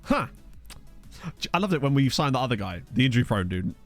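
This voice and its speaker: A man's voice: mid-range voice, very animated, a little fast, soft background music. A young man casually commenting while streaming a football management game, thinking aloud and thanking viewers. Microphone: desk USB microphone.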